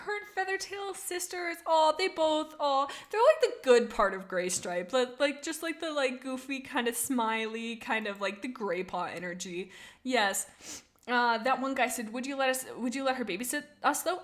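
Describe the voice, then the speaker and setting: A young woman talks casually on a live stream, reading chat and gushing with excitement. Her voice sits fairly high. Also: normal speed.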